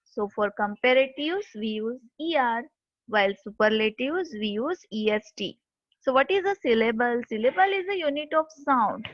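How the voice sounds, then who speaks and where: A woman with a high voice teaches a grammar lesson, explaining step by step and spelling words out letter by letter. The recording is dry and dull, like lo-fi audio. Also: animated, normal speed, dry recording.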